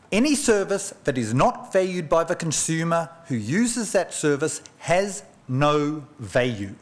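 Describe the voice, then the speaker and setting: Lively, higher-voiced man giving a formal speech. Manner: measured lecturing with rhetorical questions and anecdotes. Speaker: economist giving a memorial oration. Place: large function room at a press club.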